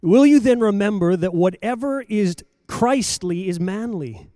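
In a close, dry recording free of echo, a high-voiced male preacher delivers an animated, dramatic sermon at a measured pace. He alternates hushed passages with loud, urgent pleas and fires off repeated rhetorical questions at his listeners.

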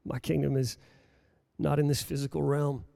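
A man with a high voice delivers a dramatic sermon. He swings from hushed, quiet passages to loud, urgent calls, firing repeated rhetorical questions at his listeners. The sound is dry and close, with no room echo. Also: flat delivery, normal speed, gravelly. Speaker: preacher.

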